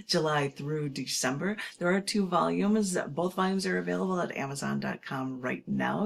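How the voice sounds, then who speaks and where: A woman's voice: sits low, vocal fry. A woman poet reading her poems on a radio show, talking casually between them and plugging her books.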